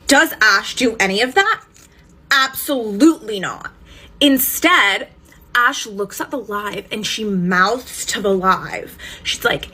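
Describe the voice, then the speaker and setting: A woman's voice: mid-range voice, lively intonation, a little slow, sharp tone, a little hiss or hum. A woman casually recapping a story in an emphatic, indignant way, swearing freely. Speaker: storytime vlogger.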